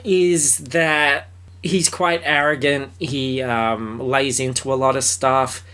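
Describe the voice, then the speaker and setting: A man's voice: mid-range voice, steady tone, slow, pushed and bright, smooth. A man co-hosting a film review podcast, talking in a loose, rambling way with fillers, restarts and casual swearing. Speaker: podcast co-host.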